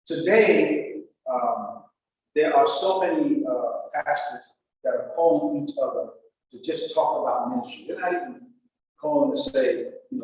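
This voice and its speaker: A man's voice: a little high, very animated, measured pace, a little mellow, far from the mic. A male pastor teaching in an emphatic, repetitive, folksy preaching manner. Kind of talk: sermon-style teaching talk. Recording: very echoey church hall, heard from afar.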